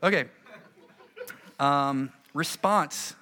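A middle-aged man, a pastor, gives an animated, conversational talk to fellow preachers and acts out his stories. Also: on the high side, extremely slow, a little hiss or hum.

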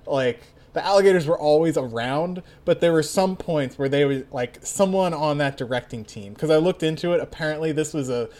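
A young man with a slightly raised voice chats casually as a podcast co-host. He gets excitable and breaks into laughter often, leaning on "like" as he tells a story. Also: on the high side, a little fast, few pauses. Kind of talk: casual chat.

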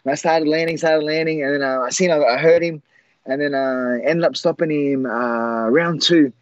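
A man in his forties, a former fighter, telling old fight stories in a rambling, halting way, full of fillers and restarts. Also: on the high side, no echo, muffled recording. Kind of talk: casual storytelling.

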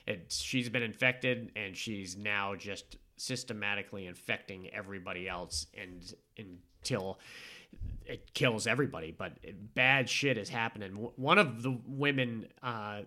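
Animated rambling man with a bright edge. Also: fairly low pitch, unhurried. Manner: rambling, animated storytelling with many fillers. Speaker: podcast co-host recapping a film. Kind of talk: casual chat.

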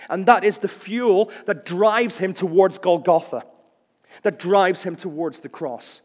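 Male preacher with a slightly high voice, chatty and wry, recorded with long hall reverb. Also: animated, unhurried, slightly rough. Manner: conversational, with wry jokes and questions. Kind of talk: sermon.

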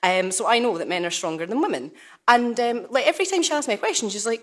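A woman's voice: on the high side, animated, quick pace. A woman on a panel, a law student, telling her own story in a chatty, colloquial way with many fillers over a remote call.

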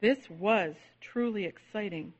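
A woman gently reading a children's story aloud, narrating in a soothing manner. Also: mid-range voice, slow pace. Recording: dull lo-fi recording.

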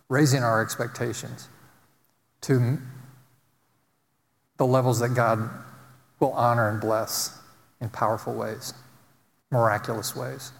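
A man's voice: medium pitch, creaky. A man preaching a sermon as pastor, emphatic and repetitive, driving points home with repeated phrases. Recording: long reverb of a large hall.

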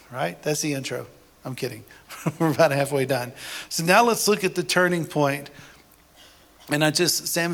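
A man's voice: a little high, fairly bright tone. A man preaching a sermon in a conversational style, joking with the congregation and building to emphatic declarations. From Texas. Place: church service before a congregation.

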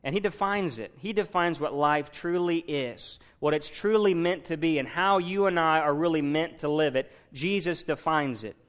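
A man's voice: fairly high pitch, normal speed, hardly any pauses, a bit bright, smooth. A man preaching a sermon in a conversational way, retelling a Bible story and asking his listeners questions. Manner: conversational, asks the congregation questions.

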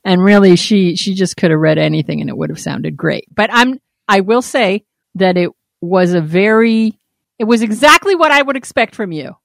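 Woman podcast co-host, teasing and quick to laugh, dry close sound. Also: medium pitch, expressive, creaky, dry recording. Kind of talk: casual chat. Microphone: home laptop recording.

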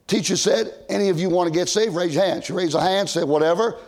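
High-voiced older preacher, shouting and hushed. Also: male voice, fast. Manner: swings from loud shouted emphasis to low quiet asides. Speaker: pastor. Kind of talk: old-time sermon. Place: church pulpit.

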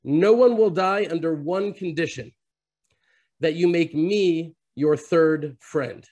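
A man's voice: a little high, slow pace, darkish tone. A man voicing an ancient king who scoffs at a prisoner and then gives orders. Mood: commanding. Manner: scoffing, commanding. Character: mocking ancient king, amused then commanding.

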